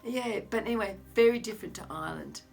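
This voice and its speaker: A woman's voice: mid-range voice, fast talker, gravelly, faint music behind. An older woman, telling a family anecdote casually and acting out the people in it. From Australia. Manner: animated anecdote with acted-out quotes. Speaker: interviewee sharing memories. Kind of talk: casual storytelling.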